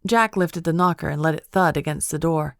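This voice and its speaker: A woman narrating a cozy mystery audiobook in a measured, even storytelling manner, close to a studio mic. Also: sits low, no room sound. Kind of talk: scripted narration.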